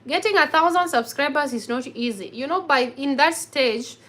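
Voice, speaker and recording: A woman's voice: high-pitched, normal speed, a bit bright. Earnest woman vlogger, non-native English. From grew up in a village. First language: mother tongue not English. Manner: earnest, encouraging, frequent restarts and laughs. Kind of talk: casual talk to camera.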